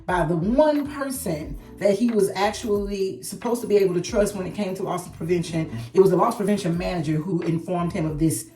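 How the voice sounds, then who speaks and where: Animated woman, echoey room. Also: lowish voice, brisk, few pauses, faint music behind. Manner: animated, emphatic retelling. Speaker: co-host, wife. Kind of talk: casual storytelling chat.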